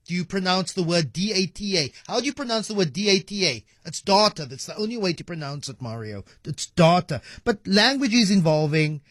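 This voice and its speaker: A man's voice: sits high, a bit bright, no echo. A man hosting a radio talk show, musing in a conversational, playful way. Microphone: studio microphone.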